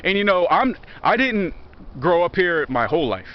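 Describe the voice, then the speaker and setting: A man's voice: sits high, big pitch swings, normal speed, highs cut off. Joking Southern-accented man on a walk. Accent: Southern American, Virginia. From Virginia. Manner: profane, joking and sarcastic. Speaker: vlogger. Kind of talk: rambling walk-and-talk monologue. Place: outdoors in woods near a highway.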